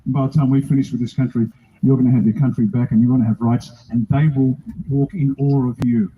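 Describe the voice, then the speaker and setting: A man's voice: mid-range voice, level tone, fast talker, highs cut off, slight background noise. An older man with an Australian accent, giving a blunt, rousing, joking speech at an outdoor rally. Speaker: political speaker at a rally.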